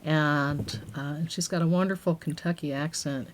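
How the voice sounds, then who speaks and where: A woman's voice: deep voice, fairly even intonation, normal speed, a little hiss or hum. A woman songwriter casually telling the story behind one of her songs, chatty and anecdotal. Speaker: songwriter and musician.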